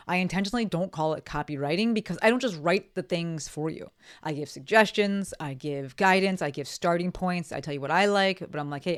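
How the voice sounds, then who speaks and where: Woman, solo podcast host, lower-pitched voice, casual, blunt, profane, conversational. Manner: casual, blunt and profane, keeps checking in with "right?". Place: home office by a window.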